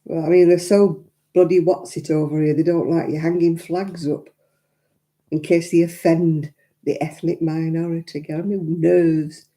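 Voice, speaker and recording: A woman's voice: sits low, level tone, normal speed, mellow. An English woman hosting a live crafting stream, talking frankly and laughing often as she answers viewers' comments. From England. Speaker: crafting livestream host. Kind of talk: chatty livestream talk.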